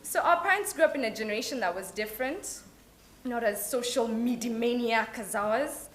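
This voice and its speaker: A young Kenyan woman giving a lively motivational talk at an open day, mixing in Swahili phrases. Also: on the high side, normal speed, slight background noise. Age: young adult. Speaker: alumna speaker. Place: event hall at an open day.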